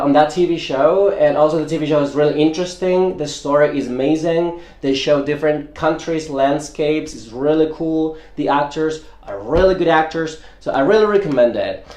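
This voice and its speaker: A man's voice: on the high side, darkish tone. Man teaching English, saying "okay?" a lot. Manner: explains slowly, repeats "okay?" after each point. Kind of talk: casual video lesson. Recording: echoey room.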